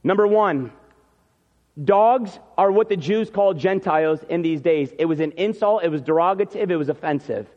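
In a church sanctuary with muffled hall reverb, a man preaching as pastor tells the story by acting out the scene and voicing what the people say. His voice is high and a little mellow, at a moderate pace.

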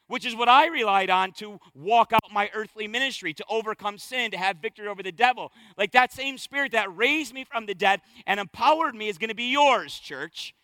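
High, bright-voiced energetic preacher man. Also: brisk, no echo. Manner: energetic preaching with emphatic, punchy repetition. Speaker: pastor. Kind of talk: sermon.

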